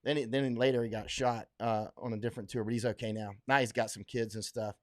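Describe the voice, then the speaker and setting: A man's voice: medium pitch, fairly even intonation, fast talker. Rambling middle-aged man from Florida. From Florida, USA. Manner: rambling, many fillers and restarts; blunt, emphatic, laughs often. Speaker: livestream host reading viewer comments. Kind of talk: casual rambling livestream chat.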